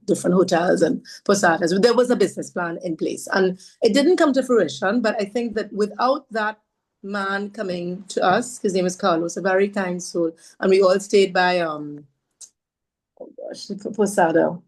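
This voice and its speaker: A woman's voice: on the low side, normal speed. A woman from Trinidad, a podcast guest telling a heartfelt personal story, earnest and devout, repeating phrases for emphasis. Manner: devout, speaks of faith warmly.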